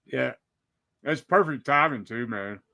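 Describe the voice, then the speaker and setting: A man's voice: mid-range voice, measured pace, vocal fry, pushed and bright, no echo, studio quality. A man chatting as a guest on a watch party stream, blunt and heavily profane. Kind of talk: casual chat.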